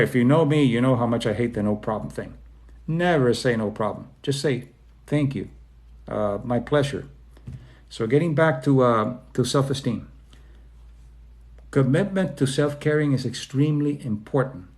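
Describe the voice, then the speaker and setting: A man from Spain speaking informally about self-esteem, often acting out quoted people in quick voice changes, with plenty of fillers and restarts. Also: medium pitch, a little mellow. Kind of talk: informal talk to an online audience.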